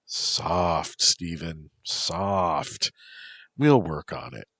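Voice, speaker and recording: A man's voice: a bass voice, very animated, drawn-out words, creaky, a bit bright, breathy edge, dry recording, full character voice. A man voicing a bossy, tough young female soldier who gives orders and teases. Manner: commanding, teasing.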